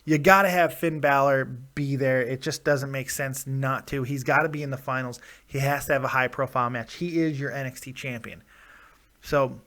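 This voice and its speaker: A man hosts a loose live show and talks in a rambling, jokey way, often teasing himself. His voice sits slightly high for a man. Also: a bit bright. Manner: rambling, self-deprecating, jokey. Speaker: host. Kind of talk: casual live-show talk.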